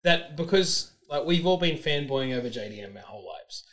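A man telling excited stories in casual chat, swearing freely and using lots of fillers. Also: medium pitch, a little fast. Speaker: podcast guest.

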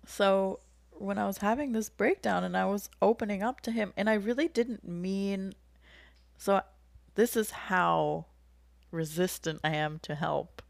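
A woman's voice: mid-range voice, unhurried, gravelly, dry recording. A young woman telling a personal story in casual conversation, candid and emotional, often laughing as she speaks.

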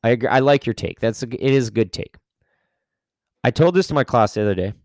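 A man's voice: medium pitch, lively intonation, quick pace, no echo, studio quality. Rambling, teasing man on a podcast. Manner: rambling, restarts and playful teasing. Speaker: podcast co-host. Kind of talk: casual chat.

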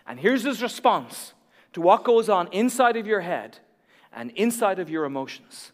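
A middle-aged man delivers a sermon in a high, light voice. He moves from hushed asides to emphatic peaks, and his voice carries the long reverb of a large church hall. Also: normal speed. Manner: expressive, swings between soft asides and emphatic peaks. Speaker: pastor.

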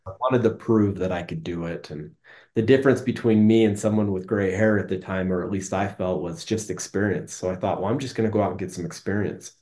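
Guest: man, 30s, from Utah. Low voice with a warm, mellow tone, earnest and reflective. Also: a little fast. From Utah, United States. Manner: earnest, conversational, frequent restarts. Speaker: interview guest, business executive. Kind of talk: reflective storytelling.

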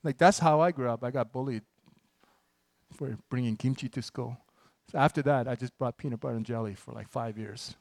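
A man preaching a sermon as pastor, moving between relaxed, joking asides to the congregation and emphatic, building declarations. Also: medium pitch, brisk, gravelly, no room sound. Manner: conversational and joking, with sudden emphatic bursts.

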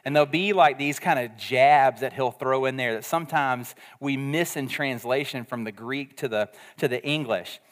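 A man preaching a casual, jokey sermon as pastor, acting out quick asides. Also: medium pitch, big-room sound. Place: church sanctuary.

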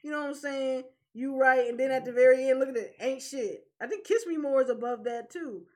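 Woman cohost chatting casually, giggles a lot, voice sits a bit high. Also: fast talker, a little mellow. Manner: giggly, breaks into frequent laughter. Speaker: podcast co-host. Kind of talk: casual chat.

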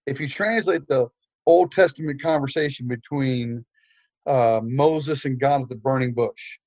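A man's voice: medium pitch, a little slow, a little mellow, no room sound. An older man preaching, telling a story with humor, with frequent fillers and restarts. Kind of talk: storytelling sermon.

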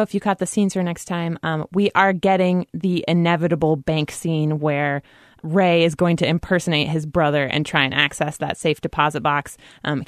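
A woman's voice: low-pitched, no echo, studio quality. A woman co-hosting a podcast, chatting eagerly about a TV episode. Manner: chatty, enthusiastic about references. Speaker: podcast co-host. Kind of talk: casual recap chat.

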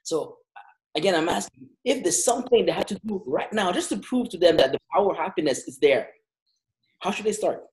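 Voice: medium pitch, lively intonation, a little fast, rough recording. A friendly interviewer who laughs often while asking questions.

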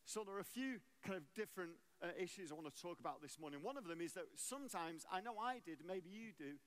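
An English-raised man preaching as a guest speaker in a church. His voice sits a little high and he tells stories with a light, humorous touch. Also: quick pace. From England. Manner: storytelling, lively and humorous. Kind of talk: sermon.

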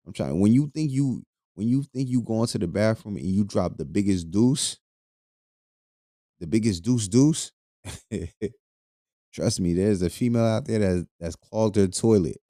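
A man with a low, mellow voice hosts a podcast in a loose, crude, joking rant. He rambles, repeats himself and laughs often. The sound is dry and close. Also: normal speed, no room sound. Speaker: podcast host.

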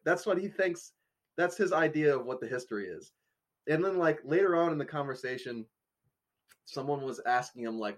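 Animated laughing podcast co-host, man. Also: mid-range voice, fairly quick. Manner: animated, laughing storyteller reading out quotes. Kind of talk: casual podcast chat.

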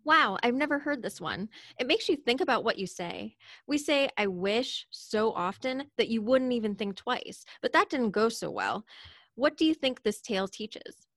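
A woman's voice: on the high side, expressive, normal speed, a bit bright, no echo, clean studio sound. A woman presenting for a library, reading a scripted discussion.

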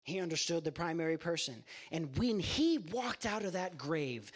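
A male preacher delivers a fervent sermon to a campus ministry group. His voice sits high and carries real urgency. He talks straight to the room, leaning on repetition. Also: animated, moderate pace. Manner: impassioned, addresses listeners as guys.

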